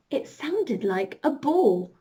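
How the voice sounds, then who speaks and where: A woman telling an interactive story to children, full of excited gasps and questions aimed straight at the young listeners. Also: high voice. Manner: animated, gasping, addresses children directly.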